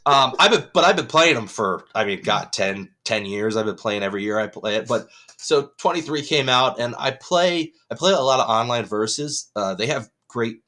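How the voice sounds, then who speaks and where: A man's voice: medium pitch, lively intonation, moderate pace, bright, forceful tone. A young man co-hosting a podcast, telling a long rambling story in casual chat and swearing freely. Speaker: podcast co-host.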